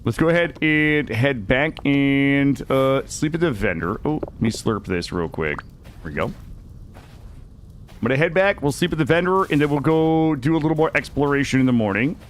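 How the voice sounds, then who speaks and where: A man streaming a survival game live, chatting with viewers in an excitable, jokey way and arguing his case to chat. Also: mid-range voice, normal speed, slight background noise. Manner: excitable, jokey, defensive with chat, yelps and laughs. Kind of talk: live gameplay commentary.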